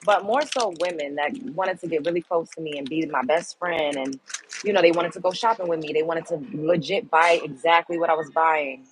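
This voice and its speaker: A woman's voice: sits low, brisk, a little hiss or hum, rough recording. A woman hosting her own show, telling a personal story in a candid, emphatic and blunt way. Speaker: show host. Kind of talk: casual storytelling monologue.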